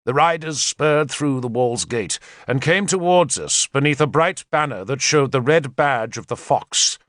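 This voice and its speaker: A man reading a historical novel aloud as narrator, in a measured first-person storytelling manner. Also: medium pitch, no room sound, studio quality. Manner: measured storytelling with lively intonation. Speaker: audiobook narrator.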